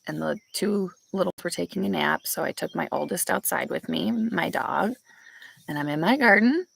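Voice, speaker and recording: A young woman vlogger chats casually with live viewers from a back porch, telling a story and laughing often. Her voice is lowish, with vocal fry.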